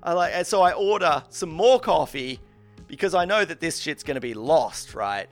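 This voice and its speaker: A man's voice: a little high, moderate pace, faint music behind. A man telling an exasperated, swear-laden story in a casual monologue. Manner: exasperated, animated, swears freely.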